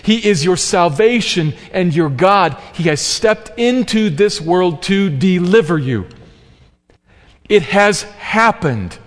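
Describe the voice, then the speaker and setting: A man preaching a sermon in an earnest, emphatic way, slowing down to stress key phrases. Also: high voice, expressive. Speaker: pastor. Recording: long hall reverb.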